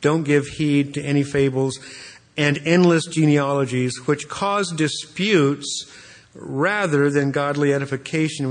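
Pastor, male, slow earnest preaching, slightly high voice, long church reverb. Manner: earnest, repeats words when restarting. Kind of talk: expository sermon.

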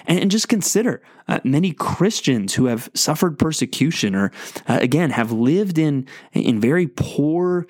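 A man's voice: a little high, big pitch swings, normal speed, a little mellow, dry recording, clean studio sound. A man preaching a sermon in an earnest, exhorting way, often restarting his phrases. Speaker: pastor.

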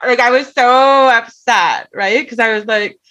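A woman's voice: fairly high pitch, unhurried, pushed and bright, lo-fi sound. A middle-aged woman telling a personal story in an earnest way, often checking in with "right?". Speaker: guest.

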